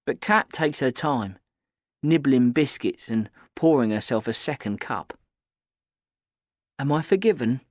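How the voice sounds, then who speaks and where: A man reads a first-person novel aloud at a middle pitch. His manner is even and story-minded. The recording is dry and close. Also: measured pace, no echo. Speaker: audiobook narrator. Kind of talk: scripted first-person narration.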